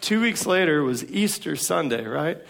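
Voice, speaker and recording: A man's voice: fairly high pitch, animated, moderate pace, creaky, a bit bright. A man preaching a sermon as pastor, in a casual, conversational way from a church stage.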